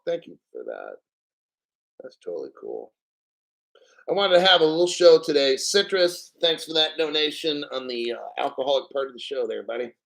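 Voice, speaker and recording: A man hosting a casual livestream, rambling and profane and clearing his throat often. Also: medium pitch, fairly bright tone, poor audio. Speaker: crypto livestream host.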